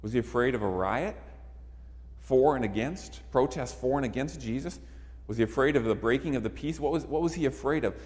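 A man's voice: medium pitch, fairly quick. A man preaching a sermon emphatically, repeating phrases for effect. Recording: long reverb of a large hall.

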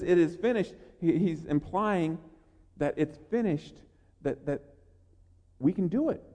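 A man preaching a sermon as a pastor, energetic and earnest, often repeating words as he builds. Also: high voice. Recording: long reverb of a large hall.

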